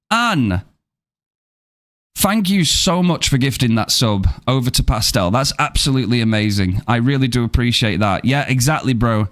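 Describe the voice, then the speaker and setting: A man's voice: medium pitch, expressive, normal speed, a bit bright. A man chatting casually with his viewers on a live game stream, upbeat and thankful as he answers the chat.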